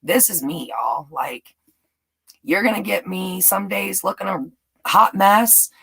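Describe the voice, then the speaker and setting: A woman's voice: medium pitch, animated, slow pace, vocal fry, fairly bright tone, slightly rough, poor audio. A woman with a light Southern US accent hosting a casual live-stream chat, gushing and laughing often as she answers viewers. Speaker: YouTube live-stream host. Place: home in Texas.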